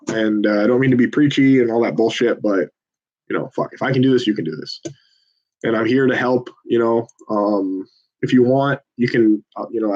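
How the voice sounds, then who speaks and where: A man's voice: mid-range voice, a little mellow, muffled recording. A man volunteering at a phone bank, chatting casually to viewers between calls in a rambling, profane, self-deprecating pep talk.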